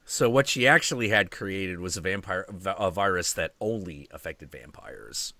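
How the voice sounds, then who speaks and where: A man's voice: deep voice, normal speed, dry recording. A man hosting a stream, telling stories in a casual chat and acting out quotes, swearing freely. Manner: animated storytelling with profanity and acted-out quotes. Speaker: stream host.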